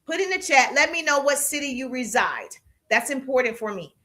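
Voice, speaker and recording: High-voiced emphatic woman sales coach. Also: animated, a little fast, sharp tone. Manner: emphatic, repeats key lines, asks the audience questions. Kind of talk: live-stream sales coaching.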